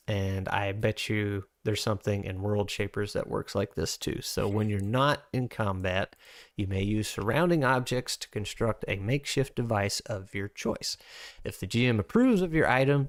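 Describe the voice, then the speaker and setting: A man's voice: on the low side, no room sound, clean studio sound. A man streaming as host, thinking aloud in a loose, rambling way while working through tabletop game rules. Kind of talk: casual livestream chat.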